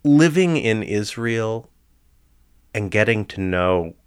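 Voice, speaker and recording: A middle-aged man telling personal stories in an animated storytelling manner. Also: lowish voice, takes it slowly, clean tone. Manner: animated storyteller, voices people in quotes. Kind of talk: personal storytelling and performed tales.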